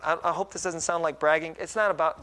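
A man's voice: a little high, fairly even intonation, quick pace, pushed and bright. A middle-aged man preaching in a conversational, self-deprecating way, often checking in with tag questions. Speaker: pastor. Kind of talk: conversational sermon.

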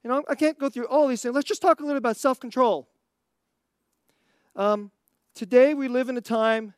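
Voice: mid-range voice, moderate pace, smooth, no echo, studio quality. A preacher giving a sermon, asking the listeners rhetorical questions and laughing between points.

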